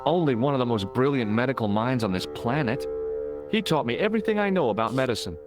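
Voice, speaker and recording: Give me a man playing a wry young American with an American accent and a lively delivery. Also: medium pitch, fast, music in the background, natural voice. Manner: dry, wisecracking narration.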